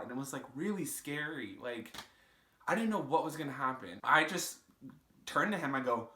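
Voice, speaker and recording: A young man in his twenties tells a story to camera in a loose, casual way, full of "like" and curse words. His voice is bright and forward, and it echoes off the walls of a bare room. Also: mid-range voice. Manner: casual, swearing, lots of "like" fillers. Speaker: vlogger. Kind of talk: storytime vlog.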